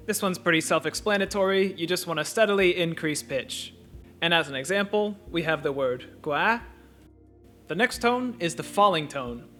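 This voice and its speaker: Man explaining in a calm voice-over. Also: on the high side. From United States. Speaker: language teacher. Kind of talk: scripted voice-over lesson.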